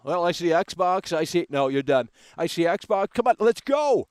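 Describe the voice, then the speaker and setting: A man hosting a gaming livestream, ranting in a brash, combative way that swings into loud outbursts on a close mic. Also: fairly high pitch, animated, measured pace, no echo.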